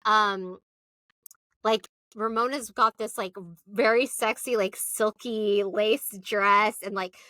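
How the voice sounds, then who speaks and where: A woman co-hosting a casual chat about reality TV, telling stories fast and acting out the people she quotes in exaggerated voices. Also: medium pitch, fairly even intonation, pushed and bright, dry recording. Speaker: podcast co-host.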